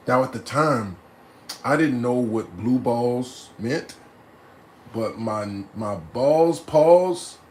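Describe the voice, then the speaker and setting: Guy telling a wild story, lively pitch all over, slow drawn-out delivery, faint hiss behind. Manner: animated, laughing, frequent "right?" tags; acts out voices and loud cries. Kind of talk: casual storytelling.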